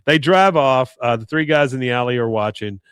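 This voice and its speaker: Male podcast co-host, mid pitch, dry close mic, chatty animated recapper. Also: a little fast, smooth, dry recording. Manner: animated retelling with quoted lines and laughs. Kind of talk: casual recap chat.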